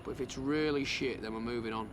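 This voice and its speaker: A man's voice: mid-range voice, fast talker, natural voice. An actor playing a sceptical young man who grumbles as he is talked into going out drinking. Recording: game audio with clear background noise.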